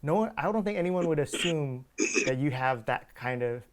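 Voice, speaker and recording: A man's voice: fairly high pitch, lively intonation, normal speed, a loud crowd. A man hosting a casual interview, asking thoughtful questions with a loose, filler-heavy way of talking. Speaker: podcast host.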